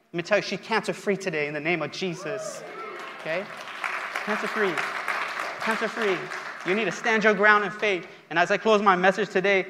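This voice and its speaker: A man's voice: high voice, steady tone, moderate pace, long pauses, sharp tone, a faint crowd. A male pastor preaching an impassioned sermon at a live-streamed church service, building up with repeated phrases. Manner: impassioned, repetitive preaching with rising emphasis. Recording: long hall reverb with faint music.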